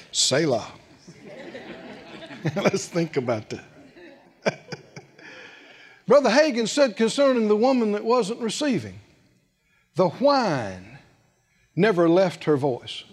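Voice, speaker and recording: A male preacher delivering a sermon in an animated way, chuckling often and stretching words for emphasis. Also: high voice, slow pace, long pauses.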